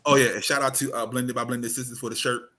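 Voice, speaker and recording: A man's voice: medium pitch, flat delivery, fast, sharp tone. A man hosting a casual family podcast chat, playful and joking as he introduces his guests. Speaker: podcast host.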